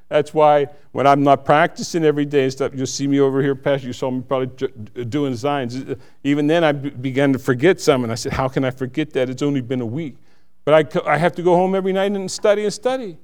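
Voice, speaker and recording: A man's voice: fairly high pitch, a little mellow, clear, resonant tone. A man giving a church testimony, earnest and self-mocking, laughing at his own stories.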